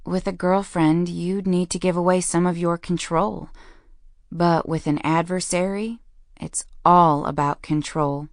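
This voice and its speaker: A woman's voice: fairly low pitch, fairly even intonation, a little slow, no room sound, studio quality. A woman narrating a first-person romance audiobook in a wry, playful storytelling manner.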